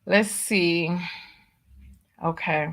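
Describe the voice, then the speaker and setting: A woman's voice: on the low side, extremely slow. A woman hosting a live stream in a casual chat, reading comments aloud in a drawling, exclamatory way. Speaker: host.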